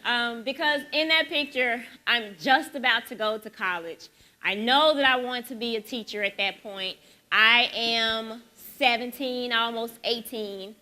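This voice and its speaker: Southern woman, 40s, conference speaker; bright, slightly high, chatty and full of rhetorical questions. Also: measured pace. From Memphis, Tennessee. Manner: lively, conversational, rhetorical questions. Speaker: symposium speaker. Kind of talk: conference keynote talk.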